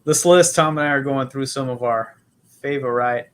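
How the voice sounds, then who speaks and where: A man co-hosting a podcast, his voice sitting in an ordinary middle pitch. He talks in a loose, casual way, swearing often and joking between points. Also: normal speed, a little hiss or hum. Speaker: podcast co-host. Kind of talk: casual chat.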